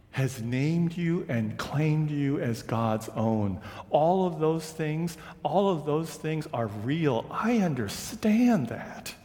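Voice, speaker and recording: Male pastor, slow emphatic sermon delivery, reverberant church sound. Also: fairly high pitch. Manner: slow, emphatic preaching with call-and-response repetition. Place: church sanctuary.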